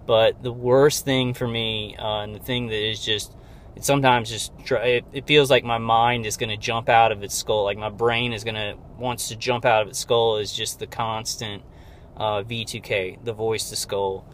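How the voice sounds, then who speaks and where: A man giving a rambling personal video update from inside his car, halting with many fillers and restarts, strained and close to tears. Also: fairly low pitch, level tone, fairly bright tone, slight background noise. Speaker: video diarist.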